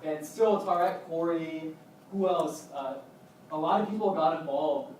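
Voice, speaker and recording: A man's voice: on the high side, measured pace, darkish tone, a little hiss or hum. Young man telling a rambling story, echoey. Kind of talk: casual spoken anecdote. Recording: echoey room, mic from a distance.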